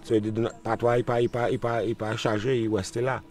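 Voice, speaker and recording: A man's voice: mid-range voice, flat delivery, fast, a little mellow. An older man with a Trinidadian accent, being interviewed outdoors, switching between patois and English and repeating himself. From Trinidad and Tobago. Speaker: local interviewee. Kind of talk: casual interview. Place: outdoors in a village.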